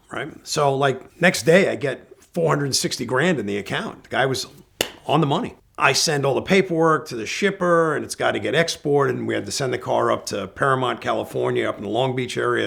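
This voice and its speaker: Gravelly middle-aged car dealer telling stories. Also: male voice, mid-range voice. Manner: lively storyteller who acts out dialogue. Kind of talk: storytelling anecdote.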